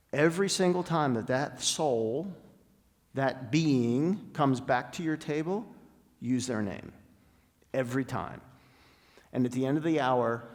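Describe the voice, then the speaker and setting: A middle-aged man speaks to a congregation in a big hall, his voice trailing off in a long reverb. He tells stories at a medium pitch, pausing for effect and drawing out key words. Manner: storytelling, dramatic pauses, slows down for emphasis. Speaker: guest speaker. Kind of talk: inspirational talk. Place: large spiritual center hall.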